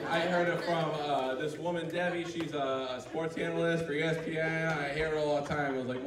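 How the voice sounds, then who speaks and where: A man's voice: a little high, steady tone, fairly quick, hardly any pauses, a crowd in the background. A man doing a crude, rambling stand-up comedy routine on a club stage, full of "like" fillers. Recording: roomy, distant mic in a club.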